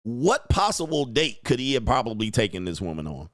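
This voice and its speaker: A man's voice: mid-range voice, very animated, a little fast, a bit bright, dry recording, studio quality. A man hosting a reaction commentary show, mocking and lecturing the people in the clips he plays, often laughing. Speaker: commentary channel host.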